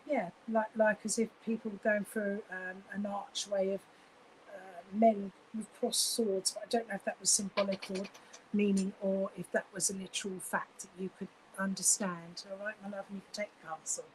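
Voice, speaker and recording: A woman's voice: mid-range voice, a little hiss or hum, poor audio. A woman giving live psychic readings, gushing and effusive, with many fillers and restarts.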